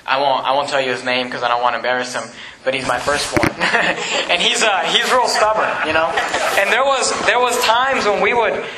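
A man's voice: a little high, bright, forceful tone, roomy sound, a little hiss or hum, poor audio. A middle-aged man, a pastor, preaching a fervent, emphatic sermon in a church.

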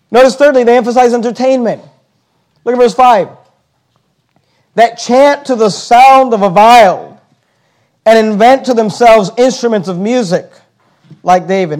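A man preaching a sermon, slowing down on key words and often repeating himself as he makes his points. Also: very high voice, darkish tone. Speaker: pastor.

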